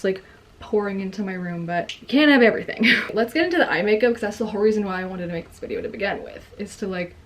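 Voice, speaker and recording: A woman's voice: medium pitch, slight background noise. A young woman vlogging a casual get-ready-with-me in her bedroom, rambling and chatty with lots of "like" and frequent giggles. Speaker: beauty vlogger. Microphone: camera nearby, self-filmed. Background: faint pop music playing.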